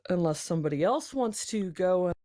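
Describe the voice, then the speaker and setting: A woman's voice: lowish voice, lively intonation, fairly quick, warm tone. A woman playing a tabletop game, talking casually and hesitantly, often asking questions. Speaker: player.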